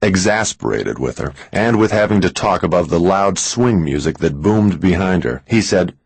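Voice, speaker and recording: Husky, low-voiced male thriller narrator. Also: no room sound. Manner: measured, expressive storytelling. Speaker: audiobook narrator.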